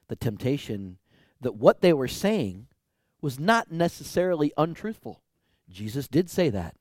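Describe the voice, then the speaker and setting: A male preacher giving a sermon, lively and conversational with his congregation. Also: fairly high pitch, measured pace, no echo, clean studio sound.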